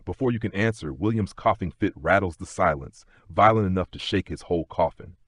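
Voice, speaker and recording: A man narrating a history sleep story in a slow, gentle second-person telling. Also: low voice, no room sound.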